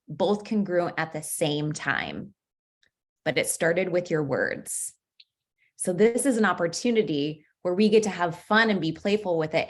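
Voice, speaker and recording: A woman coach giving a masterclass, talking casually and playfully, often saying "like", swearing now and then, and asking the listener rhetorical questions. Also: lowish voice. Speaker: manifestation coach. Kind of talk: recorded masterclass talk.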